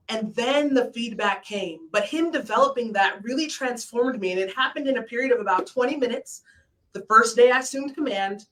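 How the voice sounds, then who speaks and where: A middle-aged woman, a former military commander, telling a reflective story with earnest, animated retellings at a virtual book launch over a video call. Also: fairly high pitch, recorded from a distance, poor audio.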